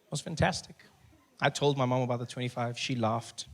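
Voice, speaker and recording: A man with a South African accent doing stand-up comedy on stage before a live audience, telling stories in an animated, playful way. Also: medium pitch, brisk.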